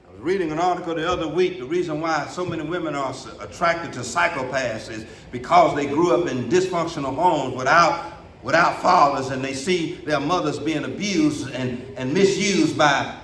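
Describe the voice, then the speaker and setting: A middle-aged man preaching a sermon in a church with a somewhat high voice, swinging from low, quiet stretches to shouted bursts. He is heard from a little way off the mic, and the room echoes around him over a faint hum. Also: moderate pace, far from the mic. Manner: preaching with sudden shouted peaks and colloquial speech. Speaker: pastor. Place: church sanctuary.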